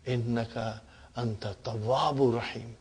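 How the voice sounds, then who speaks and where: A man's voice: mid-range voice, steady tone, measured pace, darkish tone, slightly rough. A man teaching an Arabic grammar class, who keeps checking in with his students and leads them in repeating phrases back to him. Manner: drills the class in call-and-response.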